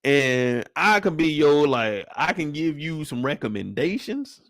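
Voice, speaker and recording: A young man hosting a loose live-stream chat, joking in heavy slang and now and then breaking into falsetto singing. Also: sing-song, a little slow, fairly bright tone, dry recording, clean studio sound. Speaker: streamer host.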